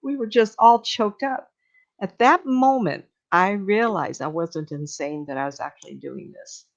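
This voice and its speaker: An older woman speaks to a live audience as a medium, wandering from one story to the next and acting out the voices of the people in them. Her voice sits low for a woman, and she often breaks into laughter. The recording sounds dull and lo-fi. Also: unhurried, gravelly. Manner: chatty, meandering storytelling with laughs and acted-out quotes.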